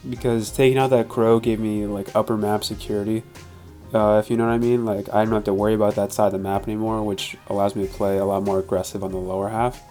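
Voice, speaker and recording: A congested young man giving relaxed, rambling commentary over a game replay, with lots of fillers. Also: lowish voice, fast, soft background music. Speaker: gaming channel host. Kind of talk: casual gameplay commentary.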